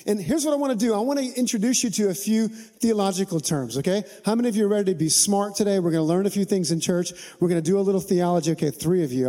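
A man's voice: sits high, dark tone. A man preaching a sermon to his congregation as pastor, in a conversational and humorous way, asking the listeners to respond.

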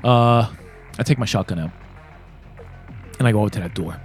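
A man's voice: lowish voice, soft background music. Blunt, foul-mouthed man playing a tabletop game. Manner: blunt, profane, quick, with restarts. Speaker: player. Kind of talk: casual tabletop game play.

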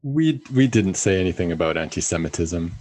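A man's voice: low-pitched, lively intonation, a little fast, darkish tone. A man playing a blustering president who gives in to his wife. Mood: stern. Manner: blustering, then caving. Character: blustering male president, henpecked husband. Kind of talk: comedy sketch acting.

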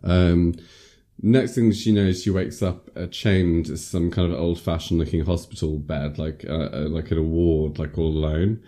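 Casual podcast host, rambling plot recap, deep and dark tone. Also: male voice, steady tone, moderate pace. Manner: rambling, many ums and likes, laughs at himself. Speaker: podcast host reviewing a film. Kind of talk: casual film recap chat.

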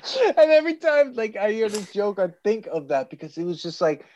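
A man's voice: high-pitched, a little fast, dull audio, slight background noise. A man co-hosting a podcast, chatting casually and acting out little scenes as he tells stories. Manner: animated storytelling with acted-out voices. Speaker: podcast co-host. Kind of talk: casual chat.

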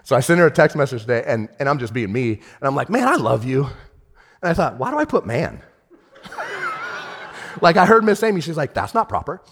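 A man preaching a sermon as pastor, animated, swinging from shouted lines to hushed ones. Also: medium pitch, fairly quick, pauses often, in a large hall.

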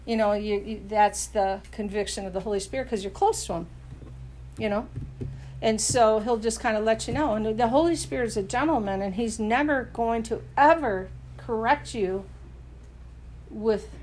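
A woman's voice: fairly high pitch, moderate pace, a little mellow, a little hiss or hum. Earnest woman preaching casually. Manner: earnest, conversational, frequent restarts and "you know".

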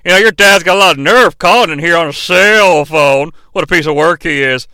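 A man's voice: on the high side, brisk, sharp tone, smooth, dry recording. A man putting on the voice of a brash, profane wrestler acting as guest referee, taunting and bragging. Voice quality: brash drawling swagger.

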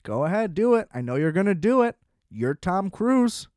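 A man's voice: sits high, big pitch swings, moderate pace, a little mellow, no room sound, voice pushed up. Man doing pushy best friend, crude, brash, egging on, dry close sound.

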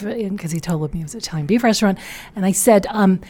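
A woman from Chicago, a podcast guest, telling lively anecdotes in casual chat and acting out what people said. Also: mid-range voice, fast.

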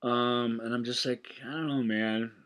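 A man co-hosting a movie podcast chats casually, telling rambling stories and laughing often. His voice is medium-pitched and a bit bright, with fairly even intonation and a normal speed.

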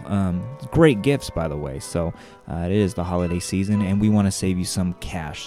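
A man's voice: sits low, warm tone. A man, hosting a podcast in casual, upbeat chat and swearing freely. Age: 30s. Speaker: podcast co-host.

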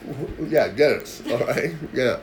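Casual male storyteller, profane, quick to rise to heated shouting; faint room hiss. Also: medium pitch, expressive. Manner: profane, gets loud and heated retelling confrontations. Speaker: podcast co-host telling a story. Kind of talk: casual chat.

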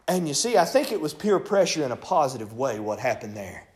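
A man preaching a sermon in a folksy storytelling manner, acting out voices and building to shouts. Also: mid-range voice, big pitch swings, brisk.

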